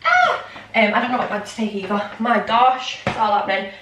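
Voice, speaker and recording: A woman's voice: medium pitch, fairly even intonation, fast talker, background noise. A young woman chatting in a casual vlog, rambling and scattered with lots of ums, shaky and out of breath. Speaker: vlogger. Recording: echoey room, mic at a distance.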